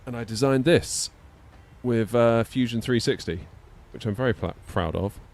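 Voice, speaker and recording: Medium in pitch, creaky, and a little mellow, a man chats at a moderate pace on his flight sim live stream. He rambles hesitantly, with plenty of fillers and little laughs at himself.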